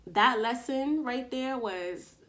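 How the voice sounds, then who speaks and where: A woman's voice: a little high, slow pace. Slangy New woman telling a story. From Long Island, New York. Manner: animated, slangy storytelling with re-enacted dialogue. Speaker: vlogger. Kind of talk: casual storytime. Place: indoors at home, daytime.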